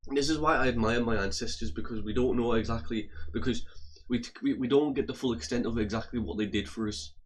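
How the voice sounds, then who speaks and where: A man's voice: medium pitch, quick pace, hardly any pauses, slight background noise, low-quality recording. A young man, ranting casually in a heated way, swearing and repeating himself as he stumbles over his words.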